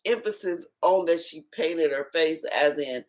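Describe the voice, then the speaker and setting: Woman, very low voice, emphatic, patient explainer, casual study. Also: a little slow, darkish tone. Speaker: aunt explaining scripture.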